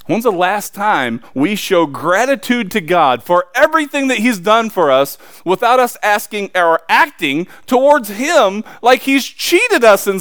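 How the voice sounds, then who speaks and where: A man preaching a sermon, reading scripture and then talking it through in a casual, emphatic way with sudden loud peaks and quiet asides. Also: sits high, clear, resonant tone, dry recording, studio quality. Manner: reads scripture aloud then preaches conversationally with slang.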